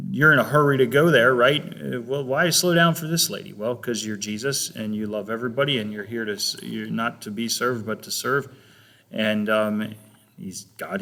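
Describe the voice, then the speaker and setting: A man's voice: mid-range voice, sharp tone. Conversational male pastor preaching. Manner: conversational, retelling scripture with rhetorical questions. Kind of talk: sermon.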